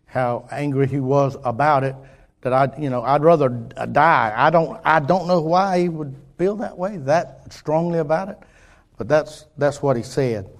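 A man preaching a sermon, his voice sitting a little higher than most men's. He talks earnestly and haltingly, restarting his sentences as he works through his thoughts, and swings between loud emphasis and quiet asides. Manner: earnest, halting with many restarts, rising and falling in intensity. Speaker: pastor.

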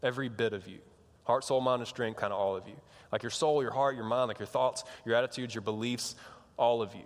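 A young youth pastor gives a sermon to students, spinning a rambling, joking story full of restarts. His medium-pitched voice is steady in tone and a little fast, and the recording carries a long hall reverb.

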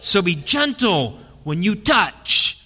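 A devoted old baker, as a preacher acts him out, speaking with slow, trembling reverence, his voice lifted higher and brighter than a plain speaker's. Every word rings out with long church reverb behind it. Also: sing-song, husky, heavily acted. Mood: solemn. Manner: slow, solemn, tearful recitation. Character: older male baker, fiercely passionate about bread.

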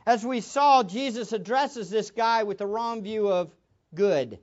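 A man's voice: sits high, a little slow, lo-fi sound. A man preaching a sermon as a pastor, emphatic, with much repetition for stress.

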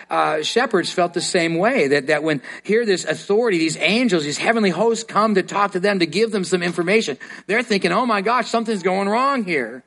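A man's voice: on the high side, fairly bright tone. A man preaching a sermon to a congregation, earnest and given to repeating words as he starts a thought. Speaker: pastor.

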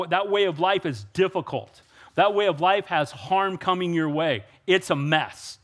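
A man preaching a sermon in an emphatic way, often calling out for an amen. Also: sits high. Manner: emphatic, rising to loud exclamations and call-and-response. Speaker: pastor.

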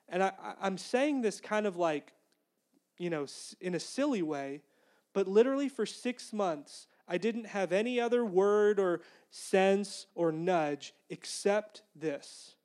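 A man's voice: high-pitched, moderate pace, a little mellow. A man in his late twenties or thirties preaching a conversational, earnest sermon and acting out the inner voices he heard. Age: young adult. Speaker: pastor.

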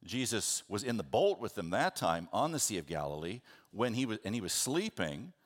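A man preaching a sermon, telling the scripture story with animated, conversational delivery and acting out the characters' words. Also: fairly low pitch, moderate pace. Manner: animated storytelling, acts out biblical voices; conversational, with restarts and asides. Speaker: pastor.

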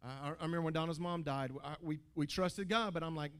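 A man, a pastor preaching a sermon in a church, animated and stammering, with folksy phrasing and call-outs to the congregation. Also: fairly high pitch, quick pace, clean tone. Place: church building.

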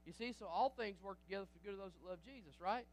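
A man preaching a sermon as pastor, lively, with frequent restarts and asides to the congregation. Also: high voice, fast talker, slight background noise.

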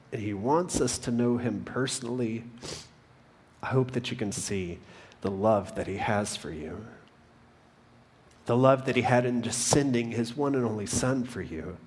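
A man preaching a sermon, earnestly retelling a story with frequent restarts. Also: medium pitch. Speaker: pastor.

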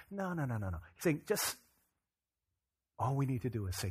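Man, pastor, sermon, husky voice, mid pitch, emphatic swings in volume. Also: very animated, moderate pace, long pauses. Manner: swings from quiet to loud, emphatic preaching.

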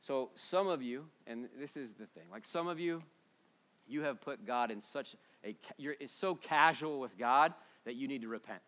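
A man preaching a sermon in a church, casual and joking, swinging between loud bursts and hushed moments. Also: mid-range voice, normal speed. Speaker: pastor.

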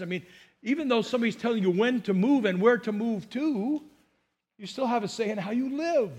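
Man, pastor, high voice, earnest emphatic sermon, acts out quotes. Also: quick pace. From Southern California.

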